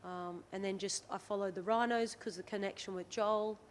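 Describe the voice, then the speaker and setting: A woman's voice: medium pitch, normal speed, slight background noise. An Australian woman in her thirties, a rugby league player, telling candid stories as a podcast guest, often quoting what others said. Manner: candid, chatty, lively retelling with quoted dialogue. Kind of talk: podcast interview storytelling.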